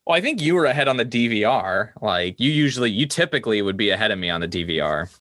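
Bright-voiced, wry man on a dry mic. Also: lowish voice, big pitch swings, dry recording. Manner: wry, quick to laugh, peppered with "like". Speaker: podcast co-host. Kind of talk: casual chat.

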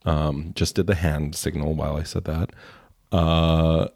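A man's voice: a bass voice, level tone, measured pace, creaky, darkish tone, no room sound, studio quality. A man co-hosting a casual chat, snarky and ranting, swearing freely. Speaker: podcast co-host.

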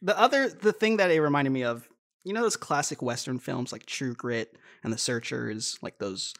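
A woman co-hosting a casual podcast chat, animated and laughing often as a self-described nerd. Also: a bass voice, normal speed. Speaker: podcast co-host.

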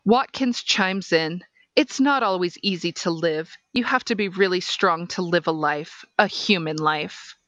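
A woman podcast host reading a case transcript aloud in a measured, deliberate way. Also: fairly low pitch, a bit bright, no echo.

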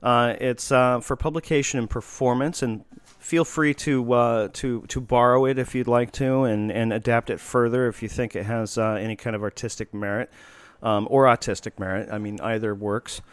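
A man hosting a talk show, chatting in a halting way with many fillers and restarts. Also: mid-range voice, fairly even intonation, clear, resonant tone, no echo. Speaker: podcast host. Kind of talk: casual chat.

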